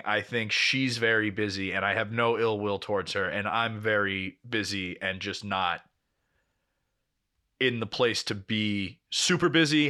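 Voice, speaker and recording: A man's voice: on the low side, sharp tone. A young man co-hosting a podcast, telling a long, profane story in casual chat and acting out the dialogue as he goes. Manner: rambling, profane storytelling full of quoted dialogue. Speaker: podcast co-host.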